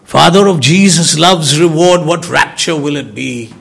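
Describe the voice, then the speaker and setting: A man preaching a sermon, emphatic, swinging from loud exclamations to soft low words. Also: unhurried, gravelly, few pauses, breathy edge.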